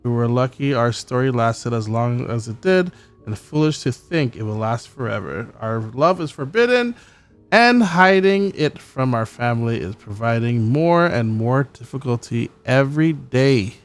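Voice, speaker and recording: A man playing a story game, reading in-game letters aloud in a halting way, with stumbles, restarts and wry swearing asides. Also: mid-range voice, expressive. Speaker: gameplay streamer.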